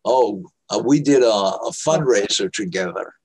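Slow husky older male storyteller. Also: on the low side, lively intonation, a little mellow. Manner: slow, anecdotal, acts out quoted voices, chuckles. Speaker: actor guest. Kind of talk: storytelling interview.

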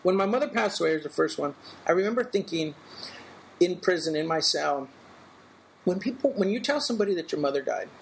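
A middle-aged man, an interview guest, telling a personal story in a thoughtful way, with halting restarts and little acted-out quotes. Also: sits high, lively intonation, gravelly, a little hiss or hum.

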